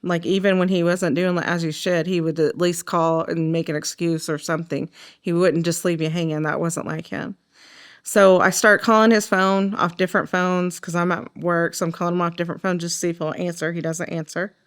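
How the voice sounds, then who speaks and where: A middle-aged woman with an Oklahoma accent, telling her story in a documentary interview in an emotional, halting way with frequent fillers. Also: lowish voice, little pitch movement, smooth. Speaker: mother of the deceased.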